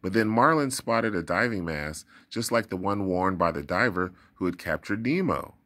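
Deep-voiced man reading a storybook aloud. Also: moderate pace. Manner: expressive, dramatic storytelling. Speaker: storybook reader. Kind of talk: read-aloud storybook narration.

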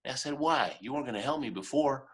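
A man in his fifties, a motivational speaker telling stories in an interview, lively and chuckling often, often restarting his sentences. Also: medium pitch, quick pace, slightly rough. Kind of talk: animated storytelling in conversation.

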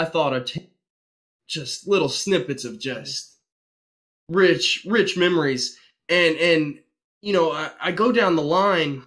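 A man's voice: fairly high pitch, a bit bright. A man, a podcast guest, reminiscing about gaming memories in a casual, nostalgic way. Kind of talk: casual chat.

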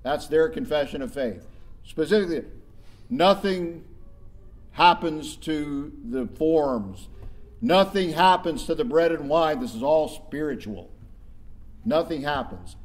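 Slow, emphatic male pastor preaching. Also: a little high, lively intonation. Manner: emphatic, conversational preaching with rhetorical questions. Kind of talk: sermon. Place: church.

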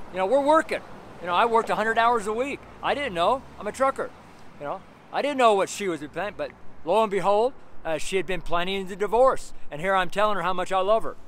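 A man's voice: sits high, a bit bright. A man giving an earnest, rambling personal testimony as a street preacher, full of "you know" fillers and repeated phrases, recorded outdoors near street traffic.

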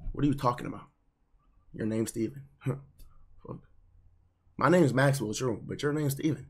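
A man's voice: medium pitch, normal speed, husky. A young man streaming, ranting in casual, profane, heated slang. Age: young adult.

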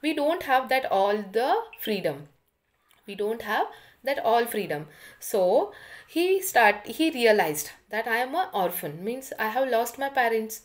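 This Indian-accented woman teaches English online in a fairly high, sing-song voice, never rushing. Going line by line through a story, she repeats phrases and explains each word.

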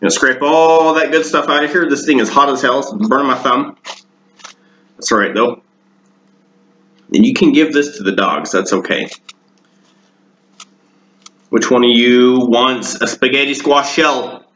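A man rambles through a casual home cooking vlog in his kitchen, deadpan and full of dark jokes. His voice is bright and pointed, and the room around him rings with echo. The recording is dull and lo-fi, with a faint hiss behind it. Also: mid-range voice, measured pace, pauses often. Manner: deadpan, darkly joking, rambling. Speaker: home cooking show host. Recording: echoey room, dull lo-fi sound.

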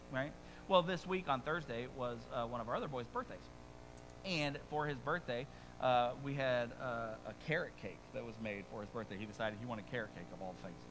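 A man's voice: medium pitch, brisk, fairly bright tone, long reverb tail, slight background noise, low-quality recording. A man preaching a sermon as pastor, talking conversationally with humorous stories and rhetorical asides.

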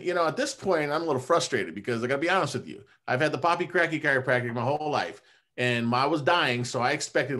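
A man recounts his own story as a podcast guest in a relaxed, lively conversational way. His voice sits at an ordinary middle pitch for a man. He keeps the story rolling with easygoing asides. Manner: animated, conversational, drops "man" and "you know" often. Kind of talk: casual personal storytelling.

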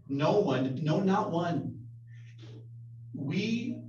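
A male pastor teaches a Bible study in an easygoing, joking way and often checks in with the group. His voice sits somewhat high. It sounds distant, with a roomy echo and a dull tone. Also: lively intonation, drawn-out words, darkish tone, a little hiss or hum. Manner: casual, joking, asks the group questions.

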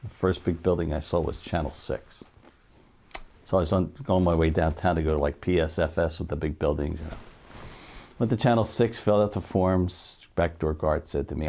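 Older guy spinning stories in an interview, low gravelly voice, acts out the quotes. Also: brisk. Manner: lively anecdotal storyteller, acts out quotes. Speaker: interviewee, former TV newsman. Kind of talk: storytelling in an oral-history interview.

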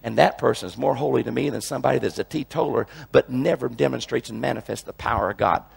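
A man's voice: medium pitch, quick pace, gravelly. A male preacher teaching a sermon in an emphatic way, often repeating phrases and restarting his sentences.

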